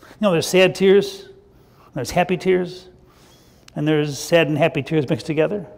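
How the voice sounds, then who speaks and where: A man playing a gentle unicorn spirit. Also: a little high, measured pace, creaky, long reverb tail. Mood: reassuring.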